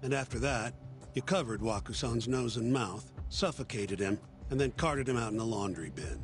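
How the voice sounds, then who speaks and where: A man's voice: mid-range voice, moderate pace, soft background music, natural voice. A man voicing a cold, accusing figure in a video game. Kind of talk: game voice acting.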